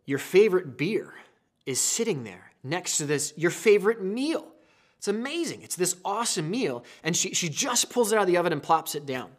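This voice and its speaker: A man preaching a sermon, telling everyday stories with lively, acted-out moments. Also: sits high, moderate pace. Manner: animated storytelling, acting out husband and wife.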